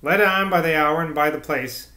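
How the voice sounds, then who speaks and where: Male audiobook reader, measured and literary, slightly high voice; echoey recording. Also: sharp tone. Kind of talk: audiobook narration. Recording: echoey room.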